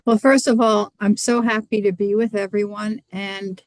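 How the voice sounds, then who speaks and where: An earnest woman physician presents a lecture over a video call. She speaks in a measured way at a middling pitch and sometimes restarts a word. The sound is dry and close. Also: little pitch movement, darkish tone, no echo.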